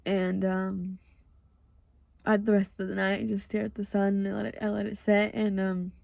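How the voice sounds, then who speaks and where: A woman's voice: medium pitch, little pitch movement, normal speed, creaky, darkish tone, dry recording. A young woman with an American accent hosting a podcast, telling a personal story in a rambling, earnest way with lots of "like" fillers. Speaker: podcast host.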